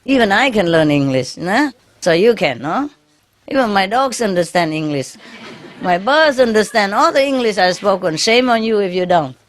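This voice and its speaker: A woman's voice: mid-range voice, animated, normal speed. A woman giving an informal spiritual talk to her followers, chatty and laughing often, tagging her phrases with "yeah?" and speaking English as a second language with many fillers and restarts. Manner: non-native English grammar, frequent fillers and restarts. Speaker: spiritual teacher.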